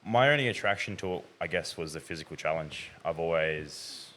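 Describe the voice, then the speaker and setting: A young man, a podcast guest talking through his recent past in a measured way, often hedging. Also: low voice, animated, sharp tone, a little hiss or hum. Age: young adult. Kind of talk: casual interview.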